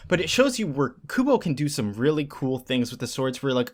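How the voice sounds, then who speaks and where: A man's voice: mid-range voice, quick pace, hardly any pauses. A man on a podcast casually recapping a manga for his co-hosts, acting out character lines as he goes. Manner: animated storytelling, acts out character lines. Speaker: podcast co-host.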